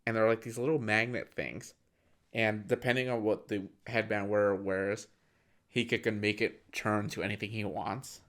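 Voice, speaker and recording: A man's voice: fairly low pitch, steady tone, moderate pace, a bit bright. A man co-hosting a podcast, casually recapping a film in a rambling way with frequent fillers. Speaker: podcast co-host. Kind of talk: casual movie-review chat.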